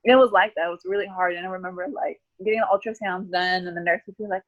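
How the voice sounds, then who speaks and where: A woman's voice: lowish voice, quick pace, hardly any pauses, muffled recording. A woman in her twenties, talking casually as an interview guest and saying "like" often. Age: 20s. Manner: chatty, heavy use of "like".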